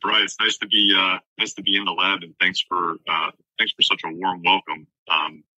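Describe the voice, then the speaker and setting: A man in his forties from southern New Jersey, a podcast guest speaking earnestly and haltingly with many fillers. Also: sits low, flat delivery, bright, forceful tone, no echo, low-quality recording. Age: 40s. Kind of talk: casual interview chat.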